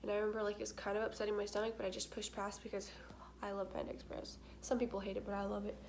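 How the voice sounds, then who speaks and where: A woman's voice: mid-range voice, level tone, racing, gravelly, noisy background. A young adult woman vlogging in casual chat, candid and talkative, with frequent filler words.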